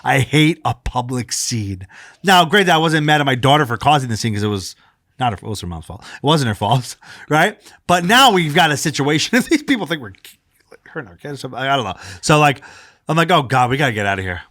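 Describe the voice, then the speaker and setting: A man in his thirties co-hosting a podcast, telling a long story in casual chat, animated, swearing freely and acting out what people said. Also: mid-range voice, brisk, no echo, clean studio sound. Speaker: podcast co-host.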